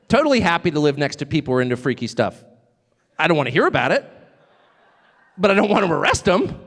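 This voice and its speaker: Sardonic man speaking in a hall. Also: high voice. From United States. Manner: animated and sardonic, with mocking asides and chuckles. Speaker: guest speaker. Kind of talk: live public speech to an audience. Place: large hall with a live audience. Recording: long hall reverb with crowd.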